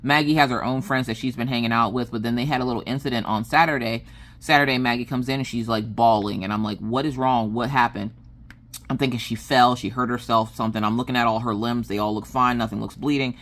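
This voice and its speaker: Animated woman telling stories. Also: extremely low pitch, fast talker. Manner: animated storytelling, acts out quotes. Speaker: crafting vlogger. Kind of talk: casual chat while crafting.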